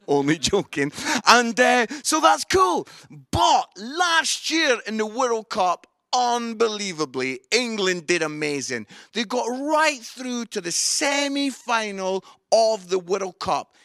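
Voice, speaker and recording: A middle-aged man with a Scottish accent, telling jokes and stories in an animated comic Easter talk before reading from the Bible at home. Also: high-pitched, slow, no echo, studio quality. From Scotland. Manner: animated storytelling with jokes and voices. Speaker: Christian comedian and preacher.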